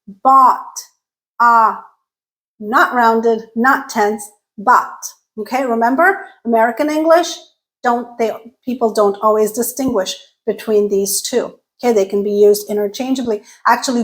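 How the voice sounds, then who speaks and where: A woman's voice: a little high, fairly bright tone, poor audio. A woman teaching English pronunciation, drilling vowel sounds one by one and often checking in with "okay?". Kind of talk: pronunciation lesson.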